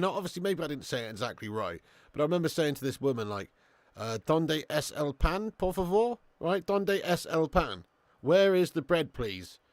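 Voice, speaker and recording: A man's voice: on the high side, no echo. A young man hosting a live football watch-along who chats, swears and laughs, bantering with viewers in the chat.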